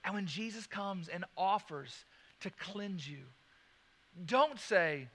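A man preaching a sermon, swinging from loud emphasis to hushed, slow lines and repeating key phrases. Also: sits high, expressive, in a large hall. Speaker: pastor.

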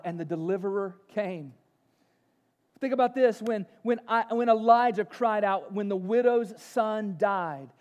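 Male pastor preaching a sermon, animated, swings from loud to whispered, high voice with long church reverb.

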